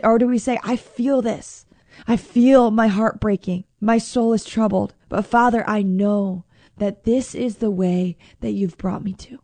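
A woman hosting a radio sermon show, talking earnestly and gently, slowing down on prayerful lines. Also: fairly high pitch, no room sound. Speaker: radio host and preacher. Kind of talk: reflective sermon talk.

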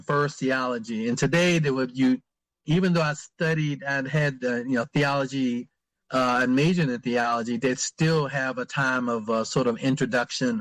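A man, a priest, answering interview questions in a halting way with many fillers and restarts. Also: mid-range voice, a bit bright, no echo.

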